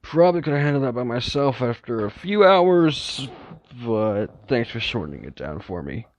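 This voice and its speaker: A man playing a cocky young male hero who rambles in fast, slang-filled bursts. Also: medium pitch, big pitch swings, dry recording, close to an everyday voice. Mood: tired. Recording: dull, lo-fi, dry recording.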